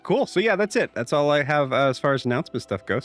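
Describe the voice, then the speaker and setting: A man's voice: a little high, animated, quick pace, soft background music. A man hosting a live tabletop game stream, giving rambling announcements full of filler words before the session. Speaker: game master and show host.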